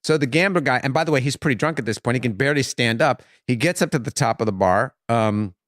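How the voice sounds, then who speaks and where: A man telling a long joke in casual conversation, halting with many fillers and restarts. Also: medium pitch, a bit bright, no room sound, studio quality.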